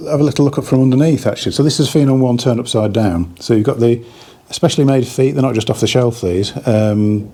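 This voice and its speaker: Mellow, husky man, a bit breathless. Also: medium pitch. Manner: rambling, chatty, many restarts. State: slightly out of breath. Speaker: hi-fi dealer reviewing products. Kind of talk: casual product review.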